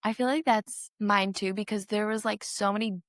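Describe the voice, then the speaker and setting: A woman's voice: medium pitch, fairly even intonation, moderate pace, fairly bright tone, no echo, clean studio sound. A teenage girl in a casual chat with her mother, rambling with heavy use of "like". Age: teen. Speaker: co-host.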